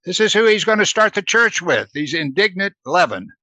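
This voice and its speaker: A man's voice: high voice, big pitch swings, brisk, pushed and bright, no echo. A man leading a Bible study in a conversational teaching manner, earnest and often asking his listeners "right?". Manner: earnest, asks the listeners questions, adds "right?".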